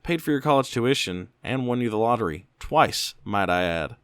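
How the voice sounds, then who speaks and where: A man voicing a small male demon who talks in a warm, soothing, smug and oddly fatherly way. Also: medium pitch, animated, moderate pace, smooth, no echo, clean studio sound, voice pushed up, close to an everyday voice.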